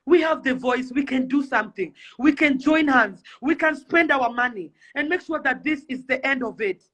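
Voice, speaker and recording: A woman's voice: high-pitched, animated, moderate pace, fairly bright tone. A young Kenyan woman delivering an impassioned rant to camera, pleading and fiery, firing off rhetorical questions. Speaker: celebrity influencer.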